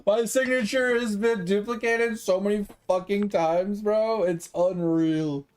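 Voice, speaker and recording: A man's voice: high-pitched, steady tone, a little slow, clean tone. A man chatting casually with his stream viewers, rambling and swearing freely, breaking into laughs often. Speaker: gaming streamer.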